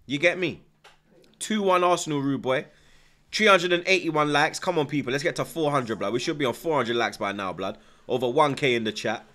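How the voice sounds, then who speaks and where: A man's voice: medium pitch, fairly quick, few pauses, pushed and bright. A young man, chatting casually on a live football stream, reading out viewer comments, nervous but hyped. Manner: slangy, repeats himself, reads out chat, nervous yet hyped.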